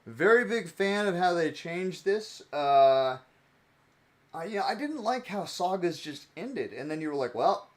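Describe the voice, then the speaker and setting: Jokey man streamer with a lively voice. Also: high voice, measured pace. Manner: jokey, laughs often, plays with mock accents. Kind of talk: casual stream chat while sorting cards.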